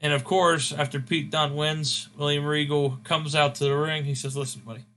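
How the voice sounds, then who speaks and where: A male host chats casually through a game playthrough, rambling with fillers. His voice is bright and sits slightly high. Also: flat delivery, moderate pace.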